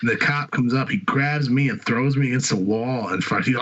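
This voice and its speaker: A man's voice: medium pitch, normal speed, a bit bright, muffled recording. A man hosting a podcast, swearing constantly as he rambles through casual profane chat. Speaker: podcast host.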